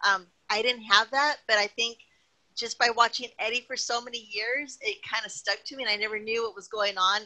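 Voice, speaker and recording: Middle-aged lady telling stories in an interview, kinda high voice, super bright and piercing. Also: brisk, low-quality recording. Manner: animated, chatty, tells anecdotes with acted-out quotes. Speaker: guest, retired wrestling personality. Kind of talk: casual interview storytelling.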